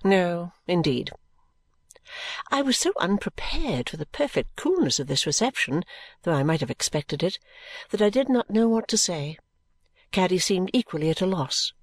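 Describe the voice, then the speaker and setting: Female audiobook reader, lowish voice, even narration, dry close sound. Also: normal speed, no room sound. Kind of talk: classic novel narration.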